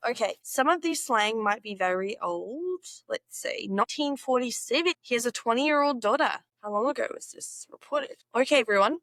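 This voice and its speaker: A woman's voice: a little high, unhurried, a bit bright, dry recording. A woman vlogger chatting casually and playfully, repeating words aloud as she practices an accent.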